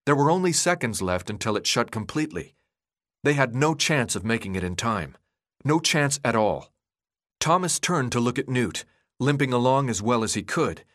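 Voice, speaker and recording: An expressive male audiobook narrator reads with energy in a mid-range voice at normal speed. The recording is clean studio sound with no room audible.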